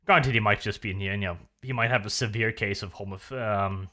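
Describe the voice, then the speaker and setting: A man running a tabletop game as game master, handing out results with deadpan, crude jokes. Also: lowish voice, normal speed.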